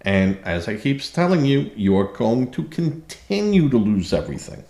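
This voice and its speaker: A man's voice: medium pitch, big pitch swings, normal speed, creaky, dark tone, reverberant. A man hosting a political commentary show, talking indignantly and sarcastically, with many fillers and restarts. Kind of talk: opinion commentary monologue.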